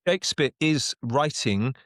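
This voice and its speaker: A man's voice: mid-range voice, expressive, measured pace, fairly bright tone, dry recording, studio quality. A man hosting a podcast, talking casually with many restarts and asides. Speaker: podcast host. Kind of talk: casual discussion.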